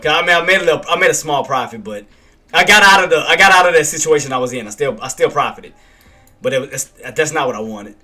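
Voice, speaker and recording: A day trader streams casual live commentary on his trading, swearing at himself and repeatedly talking himself down. His mid-range voice is brisk, pushed, and bright, broken up by long pauses.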